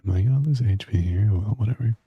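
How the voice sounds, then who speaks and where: A man's voice: lowish voice, quick pace, husky, no echo, lo-fi sound. A man streaming live, bantering jokingly with chat and muttering to himself while he plays.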